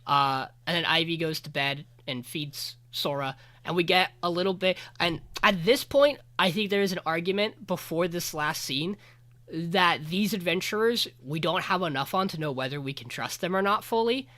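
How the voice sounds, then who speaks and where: A man's voice: fairly high pitch, normal speed, sharp tone. A man co-hosting a podcast, giving a rambling, casual anime episode recap full of fillers and the odd swear. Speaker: podcast co-host.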